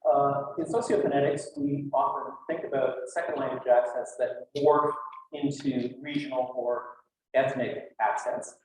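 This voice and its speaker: A man's voice: mid-range voice, fairly even intonation, a little slow, darkish tone, distant mic. A man giving a conference talk in a loose, chatty way, with many fillers and asides. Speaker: lecturer. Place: lecture hall. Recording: echoey hall, from afar.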